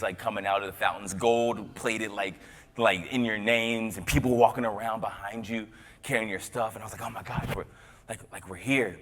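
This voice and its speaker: A young man gives a motivational keynote, telling his story with big swings between loud bursts and near whispers. His voice is bright and forward. It rings out with a long reverb through a large hall. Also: on the low side. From Tennessee. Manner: storytelling with lively swings from loud to hushed, repeats words. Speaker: motivational speaker.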